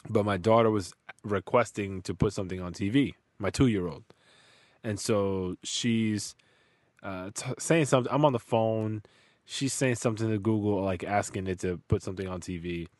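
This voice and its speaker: Chill podcast host guy, kinda low voice, slangy, dry close sound. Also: moderate pace, no echo. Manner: relaxed, slangy and laid-back. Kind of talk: casual chat.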